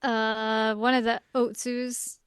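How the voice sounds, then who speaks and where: A young woman with a somewhat high, clear voice trades dry, sarcastic remarks in relaxed chat. Her voice is close and dry. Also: takes it slowly, dry recording. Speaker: podcast co-host. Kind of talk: casual chat.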